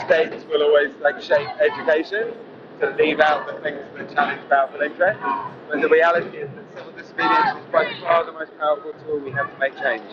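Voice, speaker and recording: Activist man, earnest and rambling, slightly high voice, interviewed outdoors over loud street noise. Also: highs cut off. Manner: earnest, rambling, heavy use of "you know". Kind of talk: street interview at a protest march.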